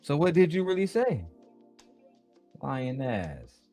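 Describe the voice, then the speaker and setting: A man's voice: fairly high pitch, sing-song, slow pace, mellow, faint music behind. Blunt, mocking male show host. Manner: mocking, blunt, crude slang. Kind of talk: profane reaction commentary.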